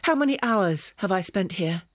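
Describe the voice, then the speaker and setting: A man reading an audiobook, voicing a young woman spy who is calm, cutting and quietly threatening. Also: high-pitched, normal speed, dry recording, clean studio sound, pitched above the performer's own voice. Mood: coolly menacing.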